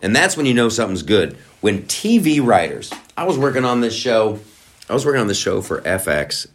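Deep-voiced sarcastic rambling man. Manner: sarcastic, rambling, many restarts. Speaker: podcast host. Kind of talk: casual monologue.

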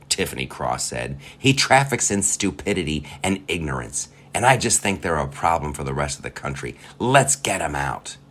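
A man's voice: low voice, fairly bright tone. A man hosting a podcast, delivering a profane, sarcastic comedic rant with laughing asides. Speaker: podcast host. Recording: faint guitar music behind.

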